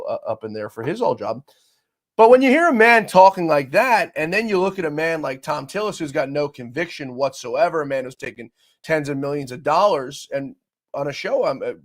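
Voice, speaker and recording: Male host, slightly high pitch; opinionated commentary, swings from loud to soft, speaks to viewers. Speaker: show host.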